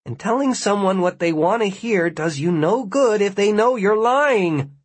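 A man's voice: sits high, lively intonation, unhurried, slightly rough, pitched above the performer's own voice, exaggerated voice. A man doing an exasperated cornered young man. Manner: pleading, rising exasperation.

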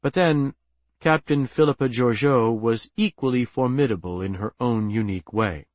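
A man reads an audiobook aloud in a measured, even storytelling voice. His pitch sits in the middle for a man, and the sound is close and dry. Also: no room sound, highs cut off. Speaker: audiobook narrator. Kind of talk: scripted narration.

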